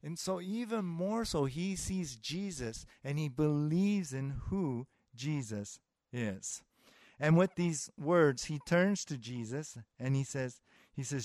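A man's voice: fairly high pitch, animated, measured pace, darkish tone, no room sound, studio quality. A man preaching a sermon as pastor, in a conversational way that acts out the voices he quotes. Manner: conversational, with filler words and restarts, acting out quoted voices.

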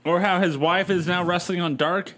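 A man's voice: sits high, steady tone, moderate pace, a bit bright. A man co-hosting a casual podcast chat, loose and profane, often quoting others in put-on voices. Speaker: podcast co-host.

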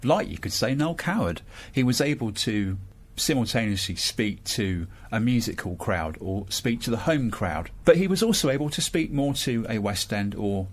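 Man, podcast host, low voice, thoughtful, pauses to find words, casual film talk. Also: lively intonation. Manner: thoughtful, searching for words with fillers and restarts. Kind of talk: conversational film discussion.

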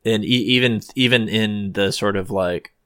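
A man's voice: on the low side, normal speed, clean tone, dry recording, studio quality. A man hosting a casual podcast chat, thinking aloud in a rambling, hesitant way with many ums and restarts.

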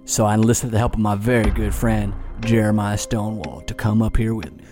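A haunted, weary frontier mayor, played by a man in a put-on accent, slow and heavy as he recounts his ordeal at length. The voice sits a touch low, and music plays behind it. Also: steady tone, natural voice. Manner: long grave monologues. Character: male small-town mayor, shaken gunslinger-era storyteller.

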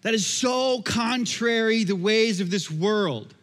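A pastor with a high, fairly bright voice preaches a sermon slowly in a church sanctuary. His style is conversational with repeated phrases, and the hall adds long, echoing reverb.

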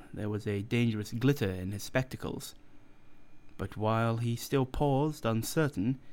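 A man reading a story aloud in a measured, deliberate narration. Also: medium pitch, a little mellow. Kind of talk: scripted audiobook narration.

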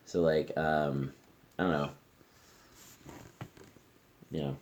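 A man's voice: a bass voice, fairly even intonation, takes it slowly, a little mellow. A man hosting a podcast, talking candidly in a casual conversation in a friend's living room, swearing freely and trailing off with fillers. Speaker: podcast host.

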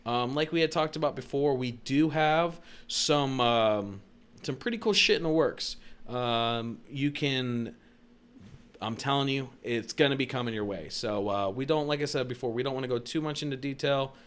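A young man co-hosting a podcast, telling profane stories in casual chat and shouting out the lines he quotes. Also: mid-range voice, moderate pace, smooth. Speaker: podcast co-host.

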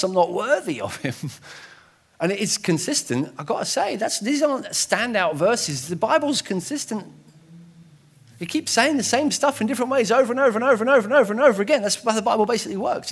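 Animated male preacher, lively pitch. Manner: animated, conversational, frequent restarts and asides. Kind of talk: sermon.

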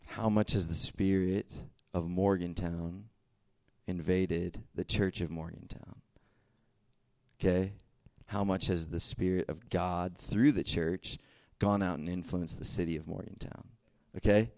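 Low-voiced young man preaching casually. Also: clear, resonant tone, dry recording. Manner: animated storytelling, acts out dialogue, frequent "right?" and "okay?". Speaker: youth preacher. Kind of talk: casual sermon.

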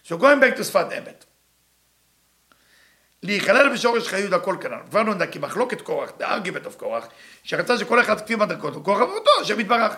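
A middle-aged man giving an animated Torah lesson, emphatic and full of rhetorical questions. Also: sits high, very fast. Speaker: Torah teacher.

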